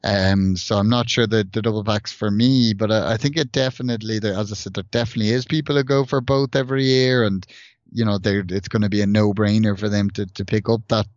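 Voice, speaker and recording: A man's voice: on the low side, fairly even intonation, a little fast, dry recording, lo-fi sound. A man co-hosting a gaming podcast, chatting loosely with many restarts and reading out news items. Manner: rambling, many restarts and fillers. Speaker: podcast co-host.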